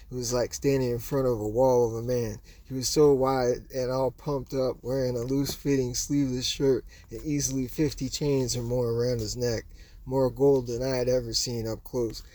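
A man narrating a personal anecdote in a low-key, quiet storytelling voice. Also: fairly even intonation, moderate pace.

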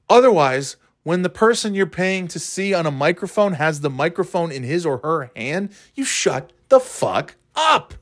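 A man hosting a podcast, ranting in a casual, profane, exasperated way and mocking people in high put-on voices. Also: dry recording, clean studio sound. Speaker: podcast host.

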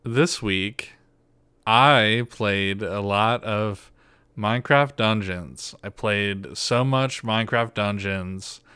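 A man's voice: fairly low pitch, slow pace, pushed and bright, smooth, dry recording. A man co-hosting a podcast in casual chat, rambling and teasing his co-host.

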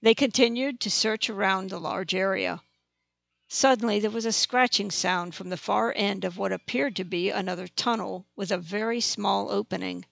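Audiobook narrator, steady plain reading, gravelly texture, dry close sound. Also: mid-range voice, normal speed, no room sound. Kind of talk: scripted narration.

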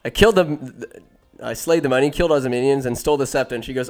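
Man host, rambling comic recapper, smooth mid-pitched voice. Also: fast, darkish tone. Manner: rambling, jokey asides, self-interrupting.

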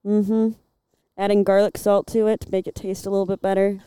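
A woman in her twenties from Illinois, who works the door at a bar, chats as a podcast guest, telling stories packed with "like" and casual swearing. Her medium-pitched voice is level, a bit fast, mellow, and clean, in a dry recording.

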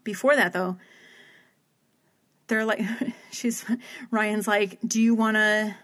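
A woman's voice: mid-range voice, fairly even intonation, slow, fairly bright tone. A woman in casual conversation, rambling through a long story, with lots of "like" and quotes acted out as she goes. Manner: rambling storyteller, heavy use of "like", acts out quotes. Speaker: podcast co-host recapping a paranormal TV episode. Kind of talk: casual chat.

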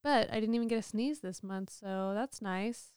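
A woman's voice: medium pitch, normal speed, a little mellow, clean tone, dry recording, studio quality. A woman in her thirties in casual chat as a podcast co-host, blunt, swearing and self-mocking.

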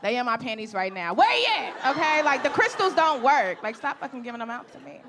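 Brisk and very animated, this Chicago comic's high, fairly bright voice carries her brash, foul-mouthed storytelling across a club stage. Laughter and a low murmur from the crowd fill the live room.

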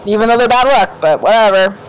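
A woman's voice: mid-range voice, fast, slight background noise. A woman in her twenties co-hosting a podcast, swearing constantly and ranting heatedly in casual chat. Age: 20s. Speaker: podcast co-host.

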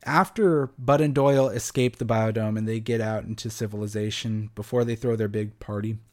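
A man's voice: mid-range voice, a little mellow. A young man hosting a podcast, giving a blunt, sarcastic film review and swearing freely. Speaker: podcast host. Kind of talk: casual film review monologue.

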